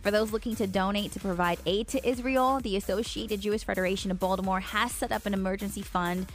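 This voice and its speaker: A woman co-hosting a morning radio show, reading local news stories in a clear newsreader delivery with chatty asides. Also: medium pitch, steady tone, quick pace, faint music behind.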